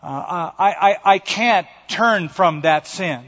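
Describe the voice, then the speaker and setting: A man's voice: high-pitched, slow, a bit bright, exaggerated voice. A man voicing a self-pitying churchgoer who stammers and pleads through a list of excuses. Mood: whiny. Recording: echoey hall, dull lo-fi sound.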